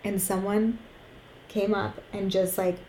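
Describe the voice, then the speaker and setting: A woman's voice: mid-range voice, little pitch movement, slow, a little mellow. Candid woman telling a story in an echoey room. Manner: candid storytelling, swears freely, acts out quotes. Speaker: podcast co-host. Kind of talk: casual chat.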